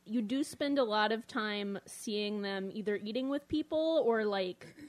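A woman co-hosting a casual film review podcast, chatty and quick to laugh. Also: mid-range voice. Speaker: podcast co-host.

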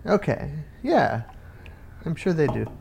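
Sarcastic man with a lively voice. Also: a little high, slow, vocal fry, slight background noise. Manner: dry, sarcastic quips. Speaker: podcast co-host. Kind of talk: casual movie chat.

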